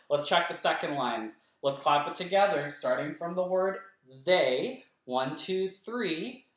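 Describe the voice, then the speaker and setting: A man's voice: a little high, fairly bright tone. Man teaching little kids, echoey room. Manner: slow, clear, encouraging, counts and claps along. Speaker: kindergarten teacher. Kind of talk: home-recorded remote lesson for young children. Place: room at home.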